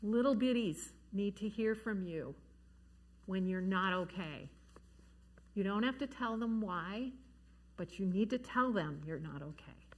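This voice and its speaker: A woman giving an earnest, gentle talk to parents about grief at a church forum, slowing down to stress key words. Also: mid-range voice, expressive. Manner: gentle, earnest, slows down for emphasis. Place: church hall.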